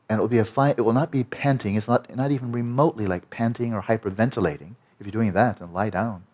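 Gentle-voiced male meditation teacher. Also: fairly low pitch, fast talker, few pauses. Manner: gentle, conversational, repeats words softly. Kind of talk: guided meditation instruction.

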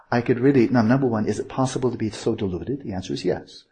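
A male meditation teacher gives an informal Buddhist teaching, digressing, correcting himself and putting rhetorical questions to listeners. His medium-pitched voice is dark and slightly rough, moving quickly with hardly any pauses.

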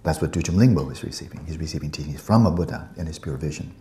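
Low mellow guy teaching buddhism, chatty and rambling, echoey room. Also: fast. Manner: conversational, digressive, playful asides. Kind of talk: dharma talk to students.

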